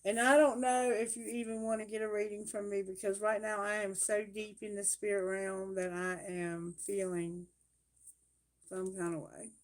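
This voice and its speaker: A woman doing a live tarot reading, talking bluntly and emphatically, swearing freely and asking Spirit questions out loud. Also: mid-range voice, little pitch movement, normal speed. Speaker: tarot reader.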